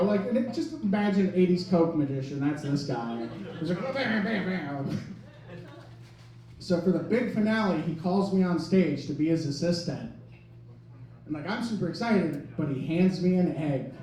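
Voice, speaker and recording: Young stand-up guy from wisconsin, high voice, tons of "like", super echoey club from kinda far off, crowd laughing. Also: mellow. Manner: rambling, self-mocking, lots of "like" fillers. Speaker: stand-up comedian. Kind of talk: stand-up storytelling. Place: comedy club stage. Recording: echoey club mic from a distance. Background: audience laughter.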